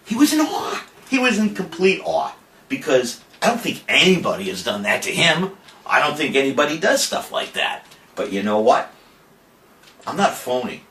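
An older man, a podcast host, telling a boastful story in a brash, animated way. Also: a little high, normal speed. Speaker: podcast host saying farewell. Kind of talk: casual storytelling monologue. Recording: roomy, distant, faint noise.

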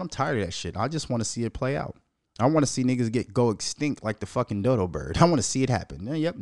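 A man's voice: medium pitch, darkish tone, no room sound, studio quality. A young man hosting a casual solo podcast, ranting profanely and mocking people with impressions. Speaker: podcast host.

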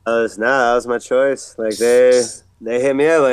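Laid-back slangy skater dude. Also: male voice, mid-range voice, fairly even intonation, normal speed, clean tone, dry recording. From San Diego. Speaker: podcast guest, pro skateboarder. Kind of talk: casual storytelling chat.

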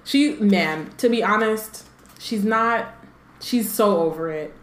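A woman's voice: medium pitch, slow pace. Chatty woman reading aloud in a roomy space. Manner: chatty, many fillers, breaks into reading. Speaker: podcast co-host reading aloud. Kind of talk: casual book discussion and read-aloud.

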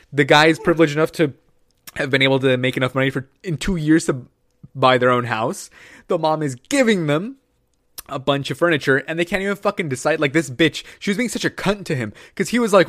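A man's voice: a little high, fast, a bit bright, no echo, clean studio sound. A young man chatting casually, ranting with lots of swearing and acting out quoted characters in mocking voices. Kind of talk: casual podcast chat.

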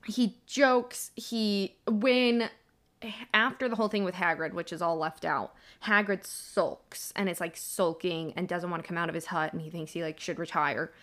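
A woman's voice: fairly low pitch, fairly even intonation, normal speed, fairly bright tone. Young woman, casual podcast co-host, chatty, lots of "like"s. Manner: chatty, many "like"s, laughs while retelling scenes. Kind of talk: casual book discussion.

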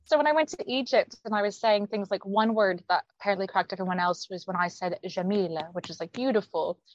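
A woman's voice: mid-range voice, fast talker, slight background noise. A young American woman from Arizona whose speech has picked up some British pronunciation, chatting and telling stories as an interview guest. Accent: American with some British pronunciation picked up from living in London. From Arizona, United States. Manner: chatty, storytelling, laughs at own anecdotes. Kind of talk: casual interview chat. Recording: dull, slightly lo-fi, dry sound.

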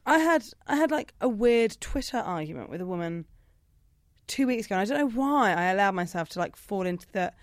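Sarcastic woman, lively pitch. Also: brisk, no room sound, studio quality. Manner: sarcastic, swears for comic effect. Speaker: podcast co-host. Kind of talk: casual chat.

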